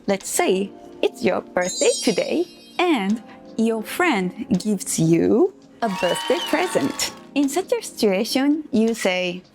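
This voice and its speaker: A woman teaching beginner phrases in English, speaking clearly and carefully and leading slow repeat-after-me drills. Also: fairly high pitch, very animated, over music. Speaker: Japanese language teacher. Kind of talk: scripted language lesson for beginners.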